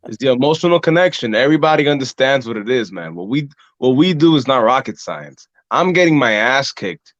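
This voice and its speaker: A man hosting a wrestling podcast, telling ring stories in a casual, animated way and acting out voices from the crowd. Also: mid-range voice, a little fast, dry recording, lo-fi sound. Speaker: podcast host and pro wrestler. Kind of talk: casual conversation.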